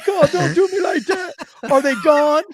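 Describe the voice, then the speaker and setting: A man doing a panicked young guy in a squeaky, pleading whine, his voice pushed far above its usual pitch. The sound is dry and close. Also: moderate pace, no room sound. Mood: panicked whining. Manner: whining, pleading.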